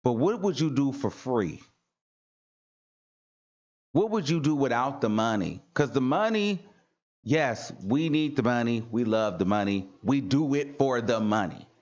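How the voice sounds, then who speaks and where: A man's voice: mid-range voice, animated, measured pace, a little mellow. Earnest preachy man, lo-fi stream audio. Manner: earnest, preachy, repeats himself for emphasis. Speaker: talk show host. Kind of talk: casual motivational livestream talk.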